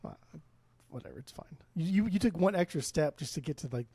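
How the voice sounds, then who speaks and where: Mellow-voiced rambling podcast guy. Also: a little high, animated, brisk, slightly rough, no echo. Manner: rambling, swears freely, frequent restarts. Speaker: podcast co-host. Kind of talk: casual chat about music.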